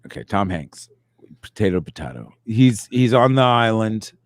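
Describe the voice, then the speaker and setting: A man's voice: on the low side, big pitch swings, normal speed, dry recording, clean studio sound. A man co-hosting a comedy podcast in casual chat, wandering through long rambling hypotheticals. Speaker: podcast co-host.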